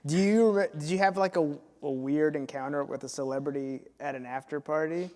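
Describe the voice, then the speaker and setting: A man interviewing a comedian onstage, chatty and quick to laugh, with halting restarts as he asks questions. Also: on the high side, mellow. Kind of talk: casual onstage conversation. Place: stage in an auditorium. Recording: long hall reverb, faint noise.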